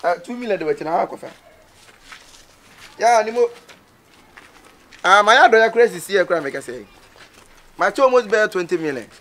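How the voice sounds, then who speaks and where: A man playing a loud boastful newly rich Ghanaian. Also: high-pitched, lively intonation, a little fast, long pauses. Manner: loud, boastful, bursts into laughing shouts. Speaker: comic film character. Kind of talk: Ghanaian comedy film acting.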